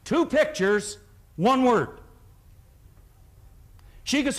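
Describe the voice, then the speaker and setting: A man with a notably high voice speaks to a live room as a motivational seminar speaker. He tells stories and has the audience repeat words back to him. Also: animated, unhurried, long pauses. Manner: storytelling, leads the audience in call-and-response.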